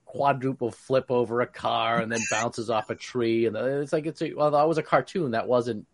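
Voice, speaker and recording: A man co-hosting a podcast, talking in an animated way with many restarts. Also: mid-range voice, moderate pace, no room sound. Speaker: podcast co-host. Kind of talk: casual chat.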